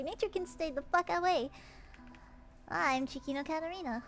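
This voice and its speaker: A woman with a high voice chats at normal speed while livestreaming a game, with soft music in the background. She's playful, repeating phrases with exaggerated emphasis.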